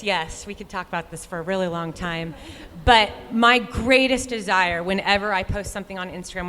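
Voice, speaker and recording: A woman's voice: mid-range voice, fairly bright tone. A woman, a professional runner, telling a heartfelt personal story to a live audience with earnest quoted inner thoughts. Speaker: professional runner and guest speaker. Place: live stage event in a large hall. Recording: long reverb of a live venue.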